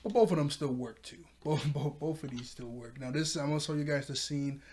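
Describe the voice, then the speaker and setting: A man's voice: on the high side, fairly quick, a little mellow. A man casually recapping an anime episode, rambling with lots of fillers and frequent chuckles. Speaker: anime reviewer.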